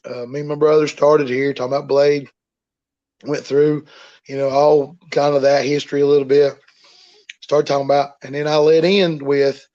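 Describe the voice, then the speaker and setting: Male wrestler guest with a slightly high voice and a rambling, folksy delivery; muffled recording. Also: flat delivery, moderate pace, warm tone. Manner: rambling, repeats himself, folksy. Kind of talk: casual storytelling in an interview.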